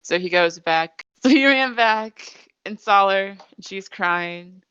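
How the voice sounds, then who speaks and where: A woman's voice: mid-range voice, slow, sharp tone, clear, resonant tone, no room sound, highs cut off. A woman podcast host in casual chat, recapping an episode in a rambling storytelling way with lots of fillers. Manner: chatty storytelling with many fillers.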